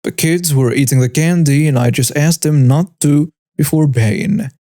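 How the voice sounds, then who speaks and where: Man narrating stories with a mellow tone. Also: fairly high pitch, normal speed, no echo, clean studio sound. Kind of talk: scripted narration of online stories.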